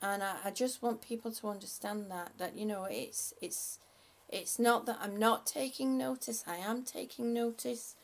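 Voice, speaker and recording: A woman hosting a livestream, chatting haltingly and affectionately with her viewers, often restarting her sentences. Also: a little high. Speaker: livestream host. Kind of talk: casual livestream chat with viewers.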